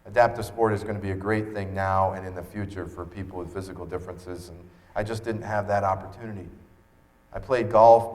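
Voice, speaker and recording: A man giving an earnest personal storytelling talk as a keynote speaker at an expo, acting out dialogue in lively voices. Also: lowish voice, in a large hall. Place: expo stage.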